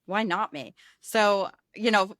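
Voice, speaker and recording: A woman's voice: mid-range voice, slow, a bit bright, no room sound. Host, woman, 30s, blunt self-mocking talker, dry recording. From New York. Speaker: podcast host. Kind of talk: casual chat.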